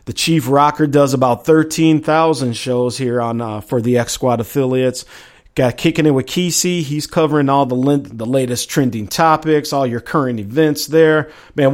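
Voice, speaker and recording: A middle-aged man hosting a casual sports talk show, chatty and slangy, with plenty of exclamations. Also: medium pitch. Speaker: sports podcast host.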